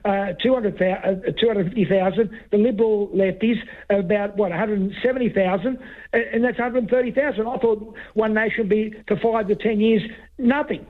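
A man's voice: high-pitched, steady tone, brisk, few pauses. A man calling a talkback radio show who rambles and stumbles, often talking over the host. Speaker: radio caller. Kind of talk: heated talkback call. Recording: tinny phone line.

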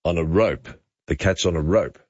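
Australian overnight radio host, low voice, dry studio sound, slightly dull audio; chatty, wry. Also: male voice, normal speed, husky, dry recording. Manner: chatty, wry, reads out listener messages. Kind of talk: late-night talk radio chat. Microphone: studio microphone.

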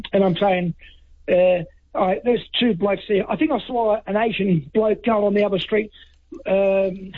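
An Australian man calls in to a radio show, blunt and emphatic, circling back over the same points. His voice sits high and husky. The line sounds dull and lo-fi. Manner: rambling, blunt, emphatic, repeats himself. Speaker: caller. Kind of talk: talkback radio call. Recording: dull lo-fi call-in audio.

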